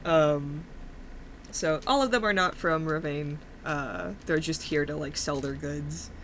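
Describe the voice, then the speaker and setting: A woman's voice: deep voice, measured pace, fairly bright tone, a little hiss or hum. A young woman running a tabletop game as game master, chatting casually and giggling, with lots of fillers as she rambles.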